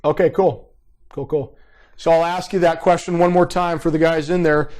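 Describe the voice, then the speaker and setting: A man in his thirties teaching a live online class through a computer mic, his voice pitched a little above the usual for a man. He talks casually and directly and keeps checking in with his students. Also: little pitch movement, moderate pace, a little mellow. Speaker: behavior profiling instructor.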